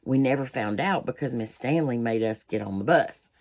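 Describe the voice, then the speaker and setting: A woman's voice: extremely low pitch, moderate pace, a little mellow, a little hiss or hum. A woman reading a children's picture book aloud, breaking off for folksy asides to her listeners. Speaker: storybook reader.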